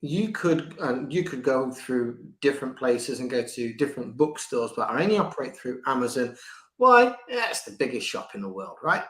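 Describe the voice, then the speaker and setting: An older man, a book coach, talking in a conversational interview, lively and restarting his sentences, sometimes acting out quoted voices. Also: medium pitch, normal speed. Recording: echoey room.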